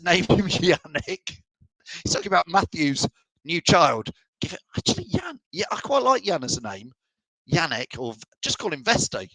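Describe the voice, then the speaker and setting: A man's voice: fairly high pitch, fairly bright tone, dry recording, low-quality recording. A middle-aged man from England hosting a live fan show, chatting and teasing as he reads out viewers' messages. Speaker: fan channel host. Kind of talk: live stream chat reading comments.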